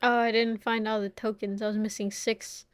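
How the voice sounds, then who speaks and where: A woman's voice: a little high, flat delivery, moderate pace, clean tone, dry recording. A young adult woman streaming a game, chatting casually, reading chat aloud and laughing often. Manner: giggly, playful, reads chat aloud.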